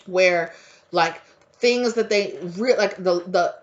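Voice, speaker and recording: Brief: woman tarot reader, lowish voice, chatty and rambling, dull lo-fi recording. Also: takes it slowly. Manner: rambling, filler-heavy, conversational. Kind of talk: casual spiritual tarot reading. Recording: dull lo-fi audio.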